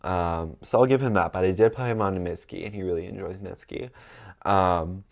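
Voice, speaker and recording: A man's voice: low voice, fairly quick, gravelly. A young man vlogging in casual chat, rambling with lots of ums and likes, sounding stuffed up. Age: young adult.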